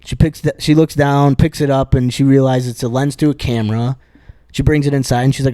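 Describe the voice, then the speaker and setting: A man's voice: mid-range voice, fairly even intonation, a little fast, warm tone, no room sound, studio quality. A man co-hosting a podcast, retelling a stand-up bit in a casual, rambling way full of swearing and restarts. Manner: rambling, profane, many restarts and fillers. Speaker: podcast co-host.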